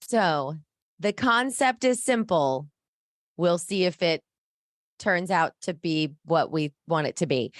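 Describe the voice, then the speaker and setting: A woman's voice: deep voice, no echo, studio quality. A woman co-hosting a podcast in casual chat, explaining a new segment. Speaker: podcast co-host.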